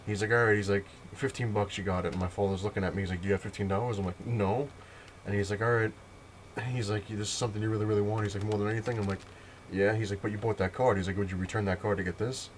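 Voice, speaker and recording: A man's voice: fairly low pitch, fairly even intonation, racing, slight background noise. A man, telling a rambling, filler-heavy story to camera in his own casual vlog. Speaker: comic collector vlogger.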